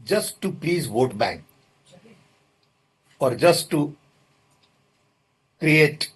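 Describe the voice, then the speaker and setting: Slow, husky older man. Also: fairly high pitch, lively intonation, fairly bright tone. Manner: indignant, emphatic, deliberate pauses. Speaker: interview guest. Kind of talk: political interview.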